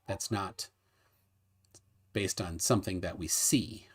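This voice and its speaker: A man's voice: low-pitched, husky. Bantering man hosting a livestream. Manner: bantering, questioning, quick laughs. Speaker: livestream host reading viewer comments. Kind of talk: casual debate chat.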